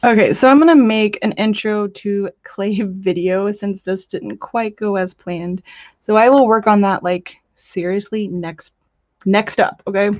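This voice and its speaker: A woman hosting a casual crafting livestream, chatting in a bubbly way with quick gushing asides while she demonstrates. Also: mid-range voice, darkish tone, dry recording, dull audio. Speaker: crafting channel host. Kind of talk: casual live-stream chat with demos.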